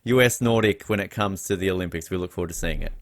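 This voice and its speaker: A man's voice: sits low, quick pace. A man hosting a casual podcast interview in a chatty, upbeat way. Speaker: podcast host.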